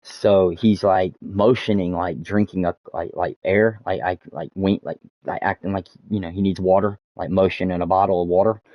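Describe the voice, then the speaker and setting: A man's voice: low voice, steady tone, moderate pace, hardly any pauses, no room sound. A man streaming a game, telling a long story in a loose, rambling way, full of fillers and swearing. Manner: rambling, many fillers and restarts, swears often. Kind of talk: casual storytelling while gaming. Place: home streaming setup. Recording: dull dry lo-fi mic.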